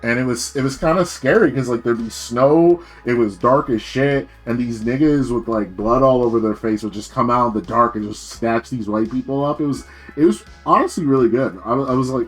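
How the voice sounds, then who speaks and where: A man's voice: mid-range voice, a little fast, faint music behind. A man streaming as a VTuber, rambling in a casual rant full of fillers and swearing.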